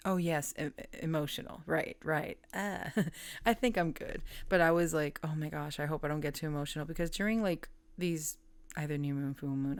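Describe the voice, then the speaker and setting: A woman's voice: sits low, creaky. A woman reading tarot in a casual, chatty way, laughing often and trailing off mid-thought. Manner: coos softly at her pet. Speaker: tarot reader.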